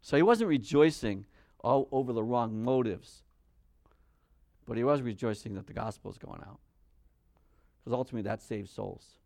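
A male preacher giving a sermon, animated, acting out Bible figures in quick voices. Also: mid-range voice, creaky, no room sound, studio quality.

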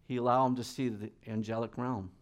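A middle-aged man preaching a sermon as pastor, reading scripture and acting out the people in it in lively voices. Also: mid-range voice, fairly quick.

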